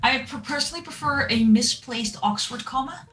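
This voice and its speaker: A woman's voice: sits high, normal speed, pushed and bright, soft background music. Joking woman player with a lisp. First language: not English. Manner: joking, chatty. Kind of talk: casual game chat.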